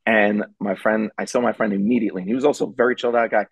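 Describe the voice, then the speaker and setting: A middle-aged man speaks with a gravelly, slightly husky voice, in a dry close sound. He tells stories casually and animatedly, full of fillers and acted-out voices. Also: fairly low pitch, fairly even intonation, very fast, no room sound, poor audio. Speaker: rabbi and parenting speaker. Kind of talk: storytelling on a charity broadcast panel.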